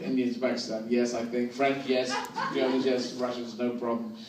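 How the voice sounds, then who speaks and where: A man's voice: mid-range voice, level tone, normal speed, crowd noise. An English man performing a rambling, playful stand-up routine. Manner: rambling, playful, switches into silly voices. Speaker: stand-up comedian. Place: large venue with a laughing crowd. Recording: echoey live recording from far off.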